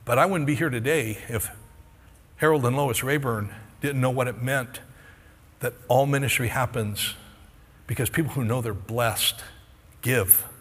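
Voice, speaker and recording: Man, middle-aged pastor, impassioned sermon, husky tone, long hall reverb. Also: medium pitch, measured pace, long pauses, a bit bright. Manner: earnest, impassioned storytelling, pleading directly with the congregation. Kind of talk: sermon with personal story.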